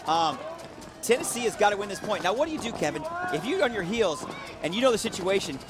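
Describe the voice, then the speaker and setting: A man doing jokey live play-by-play for a paintball match, laughing often and shouting at big plays. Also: high voice, sing-song, fast talker. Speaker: paintball commentator. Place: outdoor paintball field.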